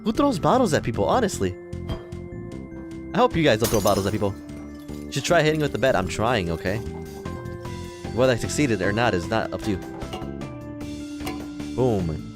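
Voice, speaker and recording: A man's voice: lowish voice, lively intonation, fairly quick, pauses often, music in the background. A young man from the Midwest, casually commenting and joking as he plays through a video game. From Chicago, US Midwest. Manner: joking, talks back to the game characters. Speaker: let's play host.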